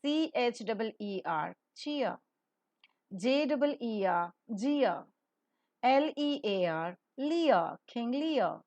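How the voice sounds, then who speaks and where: A woman's voice: a little high, lively intonation, takes it slowly, darkish tone. A woman teaching a scripted phonetics lesson. She spells words out letter by letter and then says each one carefully. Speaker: pronunciation teacher.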